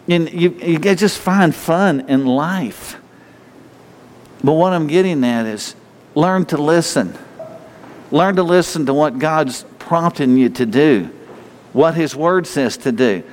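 A man's voice: fairly high pitch, lively intonation, slow. Preacher man in a reverberant hall. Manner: rambling, repetitive, with frequent restarts. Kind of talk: informal sermon.

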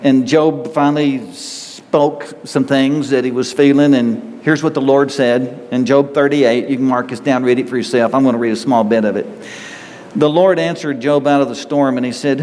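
A man's voice: medium pitch, fairly even intonation, normal speed, darkish tone, big-room sound, rough recording. A man preaching a sermon as pastor, earnest and growing emphatic as he reads scripture.

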